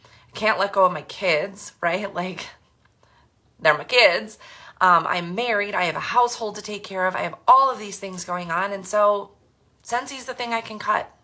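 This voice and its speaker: A woman's voice: mid-range voice, moderate pace, pushed and bright. A woman in her thirties telling her own story to camera, earnest and frank, with frequent fillers and restarts. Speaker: direct sales team leader. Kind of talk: candid personal talk to camera.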